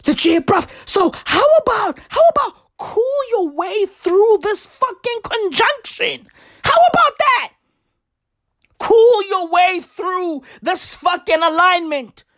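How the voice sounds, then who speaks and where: High, dry-voiced woman ranting profanely. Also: no room sound. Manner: swearing, loud outbursts, slangy "bruv" and "fam"; big jumps in pitch, shouting emphasis. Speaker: comedic vlogger. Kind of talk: profane comedic rant to camera.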